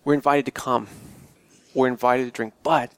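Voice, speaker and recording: A man's voice: mid-range voice, level tone, normal speed, clear, resonant tone, dry recording. A male pastor who grew up in the country, preaching in a church in a conversational way with restarts and asides. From rural area. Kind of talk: sermon.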